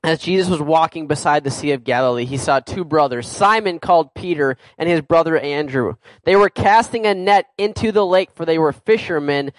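A man with a high voice preaches a sermon, tossing off wry asides before he reads scripture and explains it earnestly. The sound is close and dry, with little room around it. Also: brisk, few pauses, no echo, poor audio. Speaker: pastor.

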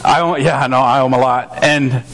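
A man's voice: medium pitch, fairly even intonation, brisk, a bit bright, low-quality recording. A man preaching a sermon as a pastor, telling a family story in an earnest, conversational way with frequent restarts. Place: church sanctuary.

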